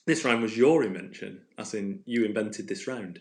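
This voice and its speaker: A man's voice: fairly low pitch, normal speed. A man hosting a casual live-stream quiz from home on a phone, chatty and playful, laughing often. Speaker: quiz host.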